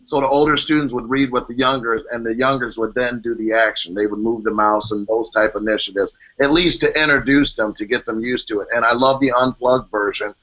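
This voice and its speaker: A man's voice: mid-range voice, a little fast, hardly any pauses, a bit bright. A man moderating an online panel in a casual, chatty way, joking and laughing often. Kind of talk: casual video-call chat. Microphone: video call. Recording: dull lo-fi video call audio.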